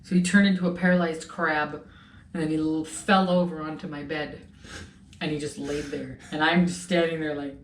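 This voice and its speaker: A woman with a slightly low voice tells stories in an animated, casual way. She sits a bit back from the mic in a roomy space with a faint hiss underneath. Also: normal speed, distant mic. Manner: animated storytelling. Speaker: host. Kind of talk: casual chat.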